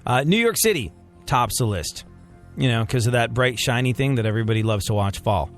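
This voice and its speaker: A man's voice: medium pitch, lively intonation, a little fast, faint music behind. A man co-hosting a radio show, joking in casual banter with sarcastic asides and lots of fillers.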